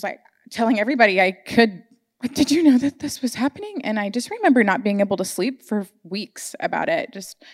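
A woman's voice: medium pitch, a little mellow. A woman giving an earnest, emotional sermon to her church congregation, sharing personal stories. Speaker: church speaker. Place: church sanctuary.

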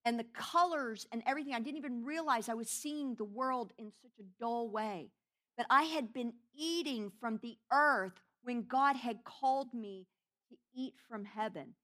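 A middle-aged woman preaching with a bright, forceful edge and a slightly high voice. She tells a heartfelt personal testimony and drives it toward impassioned, fervent preaching. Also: moderate pace. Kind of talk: sermon.

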